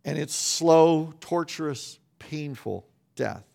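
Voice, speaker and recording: A man with a high voice preaching a sermon at an unhurried, deliberate pace. He leans on repetition and pauses for weight, and when he speeds up he stumbles into restarts and doubled words. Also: expressive, gravelly, mellow. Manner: restarts and repeated words when speaking quickly. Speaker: pastor.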